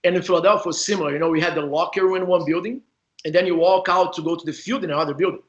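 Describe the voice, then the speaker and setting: A man's voice: high voice, very fast, muffled recording. A man with a Brazilian accent, a former player now coaching, telling locker-room stories in a loose, laughing, chatty way. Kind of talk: casual storytelling.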